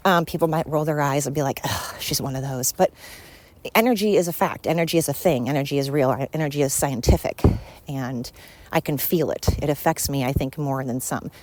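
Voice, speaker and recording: A woman's voice: sits low, fairly quick, a little mellow. A woman hosting a podcast alone, talking in a blunt, opinionated and rambling way. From Sweden. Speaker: podcast host. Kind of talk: casual solo monologue.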